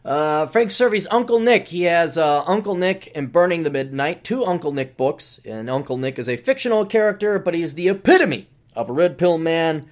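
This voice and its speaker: Sarcastic podcast host, lively man. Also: fairly high pitch, normal speed, few pauses. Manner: sarcastic, ranting. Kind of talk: casual podcast monologue.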